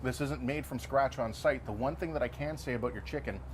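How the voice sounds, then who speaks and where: A man's voice: medium pitch, brisk, a little hiss or hum. A man hosting a food show, chatting casually and enthusiastically on location, joking and praising the food. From Timmins, Ontario, Canada. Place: outdoors at a food truck.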